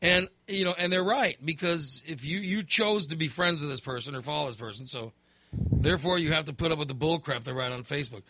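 A middle-aged man chatting casually, telling a story with lively acted-out reactions. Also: fairly high pitch, a little fast, dry recording. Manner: animated storyteller, acts out his own reactions. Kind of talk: casual chat.

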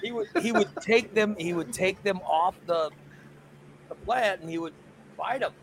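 A man's voice: sits high, animated, moderate pace, vocal fry, a little hiss or hum, rough recording. A man on a morning talk show telling a long, rambling story in casual, crude language. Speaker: radio show co-host. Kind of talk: casual chat.

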